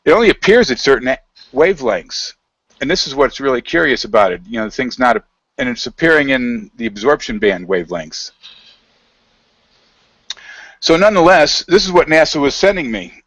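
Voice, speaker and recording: A man's voice: mid-range voice, sing-song, moderate pace, pauses often, fairly bright tone, dry recording, low-quality recording. A middle-aged man as an interview guest, telling a long anecdote over a video call in a casual, rambling way, with many fillers and quoted dialogue.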